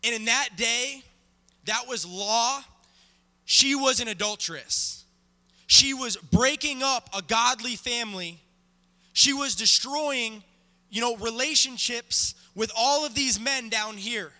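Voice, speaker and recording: High-voiced male guest preacher, dramatic storyteller, booming church hall. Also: slow pace, bright, forceful tone. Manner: dramatic, acts out the story with volunteers. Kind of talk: sermon storytelling. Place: church sanctuary.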